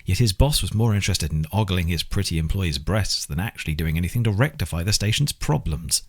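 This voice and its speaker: Deep, husky male audiobook narrator. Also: lively intonation, fairly quick.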